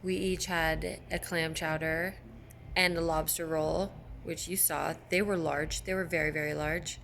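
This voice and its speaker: A woman's voice: low voice, little pitch movement, a little slow, creaky, fairly bright tone, slight background noise. A woman vlogger talking casually to camera, chatty and rambling. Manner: chatty, rambling, with restarts and laughs. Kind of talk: casual vlog chat to camera.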